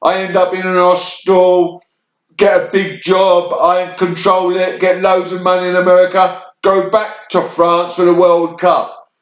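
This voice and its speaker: A man with a southern English accent delivers a slow, rambling monologue in clipped fragments. His voice sits a little high for a man. The recording has a roomy echo. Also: completely flat delivery, highs cut off. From Kent, England. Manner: fragmented, jumping between memories in short bursts. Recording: echoey room.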